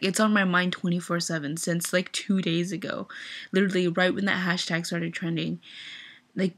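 A young woman in an emotional vlog rant, upset and teary, talking with lots of "like". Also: lowish voice. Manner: upset, filler-heavy with frequent "like". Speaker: fan vlogger.

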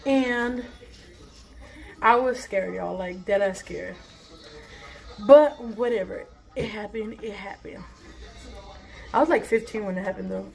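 A woman's voice: mid-range voice, measured pace, gravelly, pauses often, faint music behind. A young woman telling a story in a casual vlog, chatty and rambling with lots of swearing, filmed on her phone at home. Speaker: vlogger. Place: bathroom at home. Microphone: phone camera.

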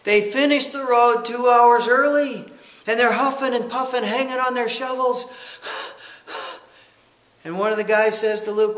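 High, bright-voiced male leadership coach. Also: roomy sound. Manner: animated storyteller who acts out scenes. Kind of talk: motivational lecture with storytelling.

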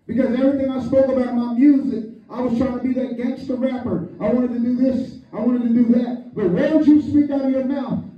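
A male pastor preaching a lively storytelling sermon, calling on the congregation and acting out quotes. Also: extremely high pitch, fairly quick, few pauses. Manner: animated, calls on the congregation, acts out quotes. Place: church hall, echoey. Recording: echoey church hall from far off, muffled.

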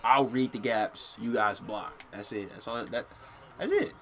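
A man's voice: lowish voice, fairly even intonation, measured pace. A young man casually commenting on his football video game, talking in slang and cursing when plays go wrong. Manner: slangy, frustrated, yells and curses at the game. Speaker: gaming channel host.

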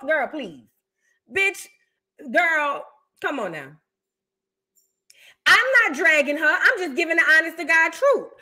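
Brash, high-voiced woman ranting. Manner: brash, profane, animated, mocking. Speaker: host reacting to celebrity news. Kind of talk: unscripted livestream commentary.

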